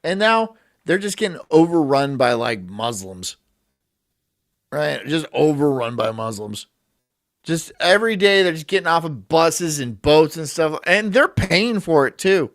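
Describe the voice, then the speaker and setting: Crude rambling male streamer, lively pitch. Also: a little slow, no echo, studio quality. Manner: crude, rambling, swearing, reads chat aloud. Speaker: live streamer. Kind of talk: casual stream chat.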